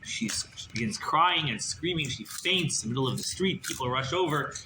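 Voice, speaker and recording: A rabbi telling a story in a sermon, animated and conversational, often checking in with the listeners, recorded in an echoey room with background noise. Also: male voice, on the high side, moderate pace. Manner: animated, conversational, asks "right?".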